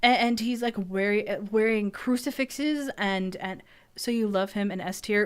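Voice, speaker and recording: A young woman streaming as a vtuber, chatting casually and excitably, swearing and gushing, often stumbling over restarts. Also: medium pitch, takes it slowly, clean tone, soft background music.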